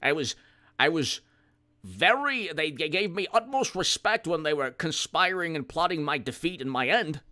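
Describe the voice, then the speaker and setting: Guy doing a cranky old senator bit, sarcastic and hectoring, bright pushy tone. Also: fairly high pitch, lively intonation, moderate pace. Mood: mock-indignant. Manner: hectoring, sarcastic, stumbling emphatic speech. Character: impression of an elderly male senator, indignant. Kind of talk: comedic impression.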